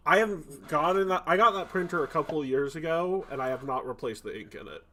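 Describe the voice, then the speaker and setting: A man's voice: fairly high pitch, expressive, sharp tone, a little hiss or hum. A man, the game master, chatting casually and joking before a tabletop session. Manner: chatty, jokey, quick asides.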